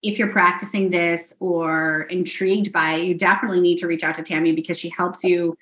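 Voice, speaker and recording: Excitable woman guest in an echoey room. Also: fairly low pitch, a little fast. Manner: excited storyteller who acts out conversations. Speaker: guest, coach. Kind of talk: casual chat.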